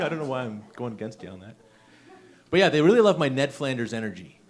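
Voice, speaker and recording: A man's voice: mid-range voice, sing-song, fast talker. A young man works the room in a small comedy venue during an open mic set. His talk is chatty and self-mocking, and he keeps breaking into laughter at his own jokes. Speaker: stand-up comedian.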